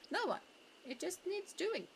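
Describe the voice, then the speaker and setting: A woman's voice: very high voice, sing-song, measured pace, vocal fry, slight background noise, voice pushed up, exaggerated voice. A woman reading a shy modest hobbit lad. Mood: bashful. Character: shy, earnest young male hobbit mailman.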